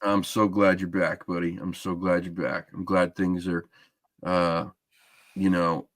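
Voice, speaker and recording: A man's voice: low-pitched, level tone, measured pace, no echo. A man hosting a live podcast stream, chatting casually and rambling with lots of fillers. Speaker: podcast host.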